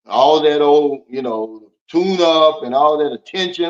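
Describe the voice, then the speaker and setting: A man's voice: a little high, unhurried, few pauses, dull audio. A man hosting a livestream, talking bluntly and preachily while reading out and answering viewer comments. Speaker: livestream host. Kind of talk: casual livestream talk.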